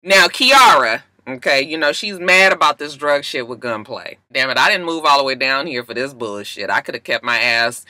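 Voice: animated, normal speed, few pauses, no room sound. A reality TV recapper, gossiping in a sassy, profane, casual way and acting out what the cast said. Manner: sassy, profane, gossipy, acts out quotes in loud high voices.

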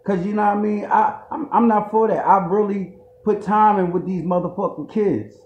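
A man plays an overwrought streetwise guy who keeps insisting he's truly moved. His high voice leans on slang and repetition in mock-emotional pleading. The comedy rant sounds dull and lo-fi in an echoey room. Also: steady tone, normal speed, close to an everyday voice. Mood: indignant. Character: fake-crying streetwise man, overwrought and defensive.

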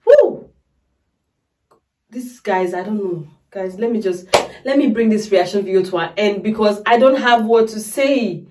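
A woman's voice: mid-range voice, moderate pace, far from the mic, background noise. A woman hosting a music reaction video, tearful and overwhelmed, gushing and repeating her exclamations to her viewers. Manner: effusive, repeats exclamations, keeps calling viewers "guys". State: tearful, crying. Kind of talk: emotional reaction vlog.

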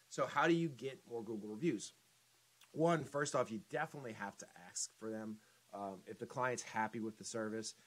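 A man giving a casual screen-share tutorial on getting business reviews, talking in a relaxed, chatty way with frequent ums and restarts. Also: medium pitch, rough recording. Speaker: business marketing instructor.

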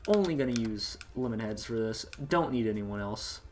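A man giving casual, profanity-laden commentary while playing a video game, breaking into excitable outbursts. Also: on the low side, moderate pace, slight background noise. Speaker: let's play gamer.

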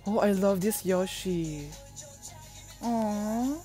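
A woman's voice: lowish voice, moderate pace, a little mellow. A young woman from the Philippines, gushing and emotional as she reacts to a music video, exclaiming often.

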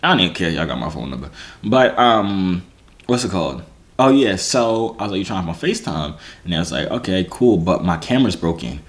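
A man's voice: low voice, a little fast. A man vlogger telling a personal story to camera in a casual, slangy, self-mocking way, with lots of restarts. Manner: animated, slangy, self-mocking, full of restarts and "you feel me".

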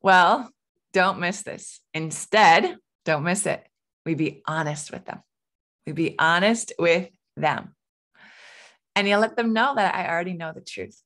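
A woman's voice: fairly low pitch, a little slow, a bit bright. A woman in her thirties hosting a parenting podcast, giving advice in a conversational coaching way with frequent "right?" asides. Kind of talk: solo podcast advice talk.

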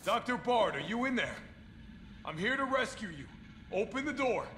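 An actor voicing a brash, impatient young soldier in a video game, urgent and incredulous. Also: male voice, high voice, very animated, moderate pace, pushed and bright, slight background noise, heavily acted.

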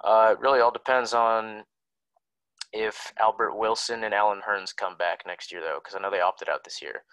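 A man's voice: lowish voice, fairly even intonation, moderate pace, a bit bright, no room sound, low-quality recording. A young man co-hosting a casual sports podcast, laid-back and jokey, rambling a little. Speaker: podcast co-host.

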